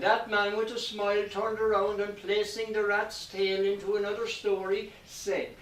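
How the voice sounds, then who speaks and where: A high-voiced man spins a lilting nonsense folk tale to a live audience. He is picked up from a distance, so the hall echoes around him. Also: flat delivery, moderate pace, few pauses, slight background noise. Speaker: storyteller.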